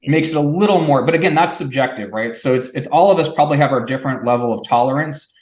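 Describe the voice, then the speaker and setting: A middle-aged man in casual chat with old friends, relaxed and thoughtful, with lots of fillers. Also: mid-range voice, quick pace. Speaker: podcast co-host. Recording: echoey room.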